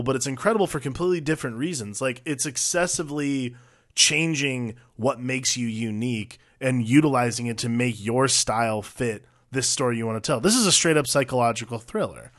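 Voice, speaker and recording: A man co-hosting a casual film discussion podcast, talking in an animated way, swearing freely and acting out lines he quotes. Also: medium pitch, brisk. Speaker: podcast co-host.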